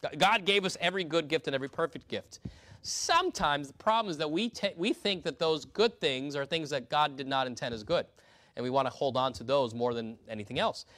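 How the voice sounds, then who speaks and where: Earnest man preaching, bright dry voice. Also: a little high, brisk, dry recording. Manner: earnest, repeats words, reads scripture aloud. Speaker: pastor. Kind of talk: sermon.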